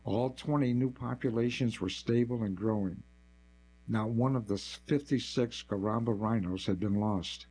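A man narrating a nonfiction article as scripted narration, with a measured, even delivery. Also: lowish voice, poor audio.

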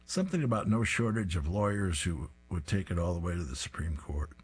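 A man voicing an indignant little girl, barely changing his deep, husky voice. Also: animated, a little fast. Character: feisty little dark-haired girl.

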